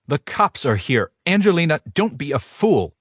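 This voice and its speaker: A man voicing an angry, protective middle-aged father who barks sharp commands. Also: a little high, very animated, normal speed, breathy edge, dry recording, studio quality, pitched above the performer's own voice, heavily acted.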